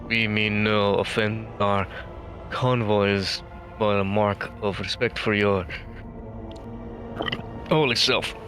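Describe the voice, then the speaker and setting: A man voicing a rough, drunken male pirate thug with a fawning, mock-humble manner and stumbling speech. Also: on the low side, a bit bright. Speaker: player.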